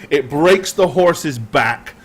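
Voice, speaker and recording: A young man runs the table as game master, his voice sitting a touch higher than most men's. He lingers over vivid descriptions, slowing down and filling pauses with ums as he sets the scene. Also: expressive, a bit bright, breathy edge.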